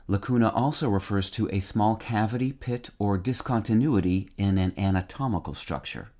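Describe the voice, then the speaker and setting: A middle-aged man hosting a word-of-the-day podcast, reading a measured, precise script and spelling words letter by letter. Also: deep voice, mellow.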